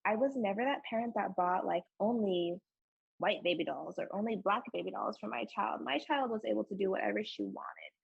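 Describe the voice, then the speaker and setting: A young woman talking openly as a podcast guest, her voice husky with a gravelly fry at the ends of phrases. She speaks earnestly and with feeling, with plenty of fillers. The sound is dry and a little dull. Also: mid-range voice, a little fast, no room sound. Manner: earnest and emotional, frequent fillers and laughs. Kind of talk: candid conversational interview.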